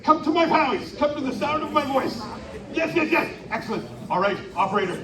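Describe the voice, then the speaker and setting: A high-voiced children's storyteller hosts an interactive show on an outdoor winter carnival stage, talking a little fast and animatedly coaxing the crowd to shout. The recording is echoey and distant, with audience noise all around.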